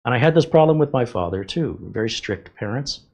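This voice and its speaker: A man's voice: medium pitch, lively intonation, brisk, darkish tone. A middle-aged man hosting a livestream, candidly telling a personal story in casual talk. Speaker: host. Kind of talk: livestream chat.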